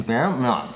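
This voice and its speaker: Giggly man, lively rambling chat. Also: mid-range voice. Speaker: podcast co-host. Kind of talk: casual chat. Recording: roomy echo, faint insect noise.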